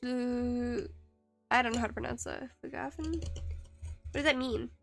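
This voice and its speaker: A woman with a fairly high, gravelly, fairly bright voice speaks a little slowly over soft background music. She's live-streaming while carving rings from wood, chatting casually in a rambling, self-deprecating way with many fillers and restarts.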